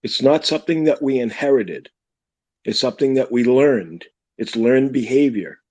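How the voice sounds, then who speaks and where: A man, a pastor calling in to a live show, speaking in a measured preaching tone and building his argument step by step. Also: mid-range voice, darkish tone. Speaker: pastor, caller.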